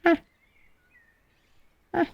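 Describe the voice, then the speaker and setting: A woman's voice: extremely slow, lo-fi sound. A woman streaming a game live, chatting playfully with her viewers as she plays. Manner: playful, rambling, chats with viewers.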